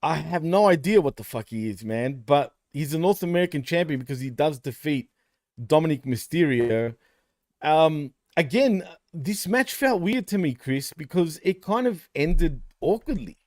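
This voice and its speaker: High-voiced Australian man hosting. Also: lively intonation, moderate pace, a little mellow, no room sound, studio quality. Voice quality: swears casually, laughs often, says "man" and "bro". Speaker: co-host. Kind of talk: casual podcast chat.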